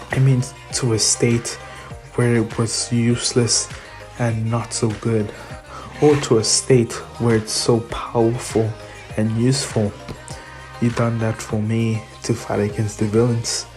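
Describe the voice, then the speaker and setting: A woman telling a fan-made what-if story in a rambling, improvised way. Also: rumbling low. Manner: rambling, with many fillers and restarts.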